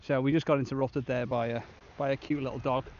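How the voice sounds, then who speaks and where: A man's voice: mid-range voice, little pitch movement, quick pace, a little mellow, dull audio, slight background noise. A man vlogging a shore fishing trip outdoors on a beach, chatting casually and upbeat to the camera. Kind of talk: casual outdoor vlog narration.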